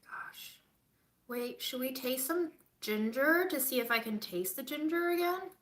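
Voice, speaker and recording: A woman's voice: high-pitched, animated, measured pace, a bit bright, roomy sound. A woman recovering from covid, chatting candidly to viewers on a home livestream, swearing casually. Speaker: livestreaming vlogger.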